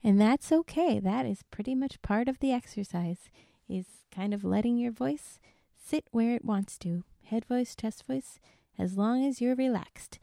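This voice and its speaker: Slow, calm woman voice teacher. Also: fairly high pitch, creaky, no room sound, studio quality. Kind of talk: vocal exercise lesson.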